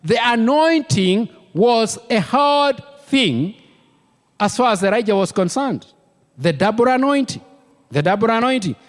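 A man's voice: very high-pitched, expressive, measured pace, big-room sound. A man with a Kenyan accent preaching a sermon as pastor, emphatic and repeating key words for weight. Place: church.

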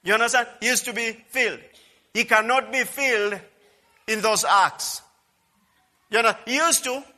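A high, bright male voice preaching with fervor, dropping low and then rising to near shouts as he repeats his points. His words ring out with a long reverb, as if filling a large hall. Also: normal speed, long pauses. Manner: emphatic preaching, swings from quiet to loud, repeats phrases. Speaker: pastor. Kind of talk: sermon.

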